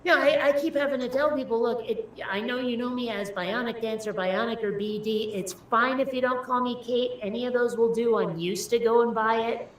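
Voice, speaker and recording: A woman's voice: on the high side, a little fast, few pauses, slight background noise. A woman hosting a casual chat, speaking thoughtfully with hesitant restarts. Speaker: host. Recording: echoey room.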